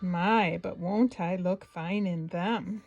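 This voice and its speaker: A woman doing a curious little colt, slow and wondering. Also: fairly low pitch, fairly even intonation, a little mellow, lo-fi sound, soft background music. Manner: wondering, musing to himself.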